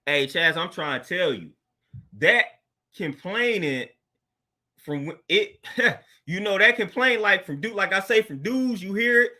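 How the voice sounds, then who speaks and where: A man with a high, very bright voice talks straight to his listeners in a relaxed, slangy monologue. He speaks loosely and laughs between his points. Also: unhurried. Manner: laid-back, conversational, laughs often, street slang. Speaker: podcast host. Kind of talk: casual monologue commentary.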